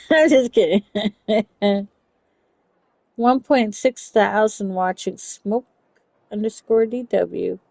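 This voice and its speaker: A woman streaming a game, chatting casually, swearing and yelling for help in bursts. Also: on the high side, expressive, extremely slow, creaky, long pauses, no echo, rough recording. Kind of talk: casual gameplay commentary.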